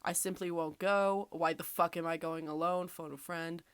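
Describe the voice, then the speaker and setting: A woman's voice: fairly low pitch, fairly even intonation, normal speed, smooth, dry recording. A woman hosting a casual podcast, reading quiz questions aloud with sarcastic, swear-filled asides and frequent laughter. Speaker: podcast host.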